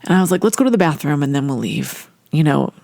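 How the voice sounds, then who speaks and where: A woman casually telling a personal story, animated and acting out the voices of people she quotes. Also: sits low, quick pace, vocal fry, no room sound. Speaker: storyteller recounting a personal memory.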